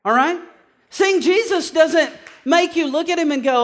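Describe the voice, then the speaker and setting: Emphatic high-voiced male preacher. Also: expressive, moderate pace. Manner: emphatic, conversational, swings between quiet and loud. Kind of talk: sermon.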